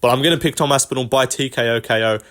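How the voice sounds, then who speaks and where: Man, host, casual fight picks, blunt, swearing, middle pitch, lots of ums. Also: fast talker, fairly bright tone. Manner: blunt, opinionated, profane, many ums and likes. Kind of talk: casual fight-prediction commentary.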